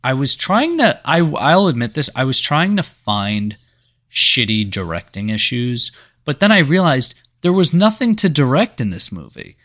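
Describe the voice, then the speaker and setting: A man's voice: medium pitch, big pitch swings, normal speed, a bit bright. A man co-hosting a movie review podcast, chatting casually with sarcastic, profane remarks. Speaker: podcast co-host.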